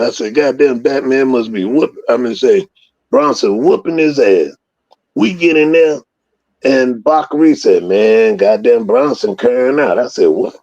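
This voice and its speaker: A man with a gravelly, husky voice spins loose, profane stories in casual conversation. He acts out the scenes as he goes. The audio is slightly dull and lo-fi. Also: fairly high pitch. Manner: profane, rambling storyteller who acts out scenes loudly. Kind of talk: casual storytelling.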